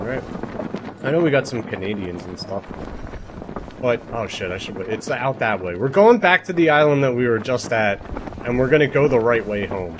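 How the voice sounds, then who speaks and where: A young man's mid-pitched voice that swoops up and down with animated energy as he talks his chat through a survival game. He mocks himself and swears casually. Boat and water sounds rumble loudly behind him. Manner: animated, self-mocking, swears and laughs freely, talks to chat. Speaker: streamer. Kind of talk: live-streamed gameplay commentary.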